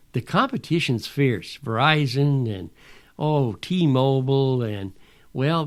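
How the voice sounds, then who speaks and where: A man hosting a podcast in a rambling, folksy monologue with sarcastic asides. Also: mid-range voice. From Pacific Northwest. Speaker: podcast host. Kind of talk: casual monologue.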